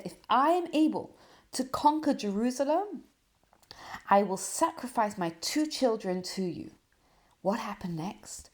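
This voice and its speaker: A woman hosting a podcast, giving a Torah lesson as a story, full of rhetorical questions and soft dips for emphasis. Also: medium pitch. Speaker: podcast host and Torah teacher.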